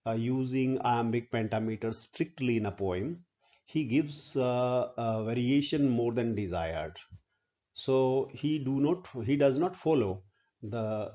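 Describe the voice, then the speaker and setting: A male professor giving a classroom lecture on poetry, pausing often with "uh" and counting syllables aloud. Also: medium pitch, dark tone, lo-fi sound. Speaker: literature professor.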